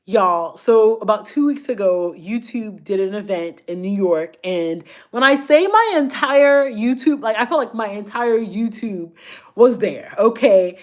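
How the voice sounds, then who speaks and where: A woman's voice: fairly high pitch, lively intonation, measured pace. A woman, a fashion YouTuber chatting casually and emotionally with her viewers on a live stream. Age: 30s.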